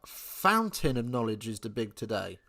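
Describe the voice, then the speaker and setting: A man's voice: fairly low pitch, sing-song, moderate pace, vocal fry, bright, forceful tone. A young man from England hosting a live rugby watch-along, chatting casually, thinking aloud and answering viewers as he follows the match.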